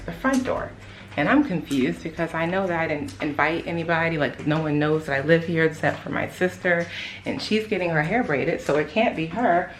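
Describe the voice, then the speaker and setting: A woman telling a personal story on her vlog, emphatic and talking straight to viewers. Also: deep voice. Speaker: vlogger. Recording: roomy, distant mic with steady background noise.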